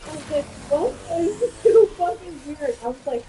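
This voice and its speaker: A woman streamer chatting casually while she games, telling stories in an animated way, acting out quotes and swearing freely. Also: sits high, brisk, rough recording. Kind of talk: casual chat while gaming.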